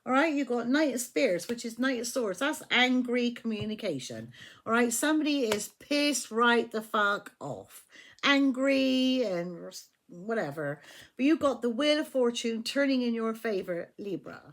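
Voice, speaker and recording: The tarot reader here sounds on the high side, expressive, and a little slow. Her reading is casual and profane, and she keeps checking in with the listener: "do you know what I mean".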